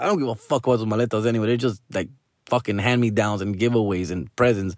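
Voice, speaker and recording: A man's voice: fairly low pitch, quick pace, darkish tone, no echo, studio quality. A man telling a rambling, profane story in slangy English with Spanish mixed in.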